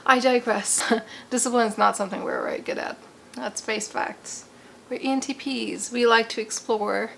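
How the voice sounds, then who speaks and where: A woman vlogger chats in a put-on British accent, playful and self-mocking. Her voice has a gravelly, fry-laden edge. A clear, steady background noise runs under it. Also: mid-range voice. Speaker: YouTuber. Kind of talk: casual vlog talk.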